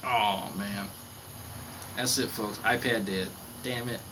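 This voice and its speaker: A man's voice: lowish voice, steady tone, slow pace, pushed and bright, rough recording. A man on a casual livestream, reading chat comments aloud and taunting a rival in a mocking, profane way. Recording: clear background noise with crickets.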